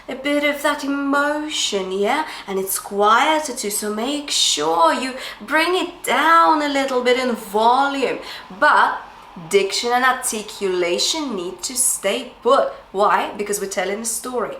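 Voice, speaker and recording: A woman's voice: a bit bright, echoey room, slight background noise. A woman vocal coach giving a singing lesson, encouraging and checking in with "yeah?" and "okay?", breaking off to demonstrate sung phrases. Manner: demonstrates sung phrases and light falsetto between explanations.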